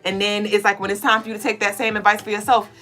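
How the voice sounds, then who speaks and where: A woman's voice: mid-range voice, level tone, quick pace, a bit bright. A middle-aged woman, co-hosting a spiritual podcast and giving a blunt, profane pep talk during a tarot reading. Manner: profane, preachy, playful, acts out listeners in mock voices.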